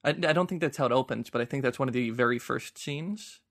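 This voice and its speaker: A man with a medium-pitched, somewhat bright voice talks fast while co-hosting a podcast from home, apart from his co-host. He chats casually about films in a conversational, rambling way, restarting his sentences often.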